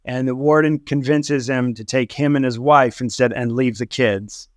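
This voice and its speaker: A man's voice: mid-range voice, steady tone, moderate pace, no echo, clean studio sound. A man co-hosting a podcast, chatting casually about a movie, laughing often and acting out quotes. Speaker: podcast co-host. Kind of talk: casual movie review chat.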